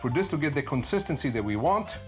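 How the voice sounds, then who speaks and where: Animated older Italian chef, music behind. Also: male voice, fairly high pitch, fast. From Sicily, Italy. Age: 60s. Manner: animated, expressive storytelling with Italian exclamations. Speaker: TV chef host. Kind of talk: cooking show demonstration.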